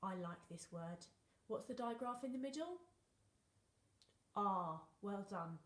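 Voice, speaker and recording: A woman's voice: mid-range voice, animated, slow pace, fairly bright tone, roomy sound. A young woman teaching phonics to young children, playful and encouraging, often dropping into whispers. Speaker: reception class teacher.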